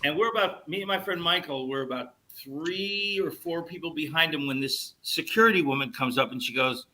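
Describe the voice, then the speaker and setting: An older man telling a long anecdote in casual podcast chat, animated and swearing freely as he acts out what people said. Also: on the high side, a little fast, few pauses, low-quality recording. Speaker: podcast guest storyteller.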